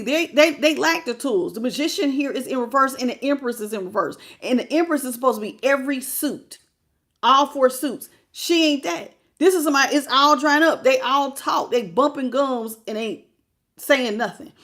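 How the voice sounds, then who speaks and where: A woman giving a casual tarot reading, talking bluntly and colloquially and chatting with her viewers. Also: high voice. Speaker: tarot reader.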